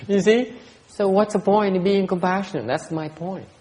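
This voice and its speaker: A man's voice: sits high, a little slow, a little mellow, big-room sound. A man giving a Dharma talk as a Buddhist teacher, answering questions bluntly and teasingly, often laughing and repeating words.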